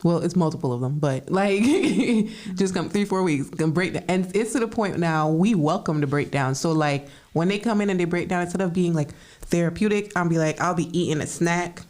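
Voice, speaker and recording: Animated, laughing woman. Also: lowish voice, a little fast. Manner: animated storytelling, laughs often, acts out quotes. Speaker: therapist, podcast co-host. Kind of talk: casual chat.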